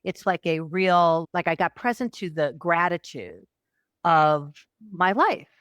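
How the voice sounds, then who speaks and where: A middle-aged woman, a coach, telling a personal story in a podcast interview, animated and acting out quotes. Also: takes it slowly, no room sound. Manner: animated, acts out quotes with raised pitch. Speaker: guest, transformational coach.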